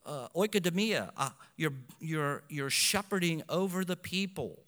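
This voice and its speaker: Man preaching, high voice, bright tone, swings from loud to hushed, long reverb of a hall. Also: animated, measured pace. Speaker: pastor. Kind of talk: sermon.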